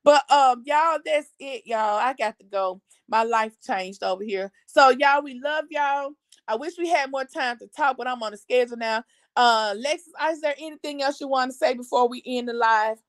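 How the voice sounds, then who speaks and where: A middle-aged woman hosting a family live show, telling a story in an animated, expressive way. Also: sits high, moderate pace, no echo. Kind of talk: casual storytelling chat.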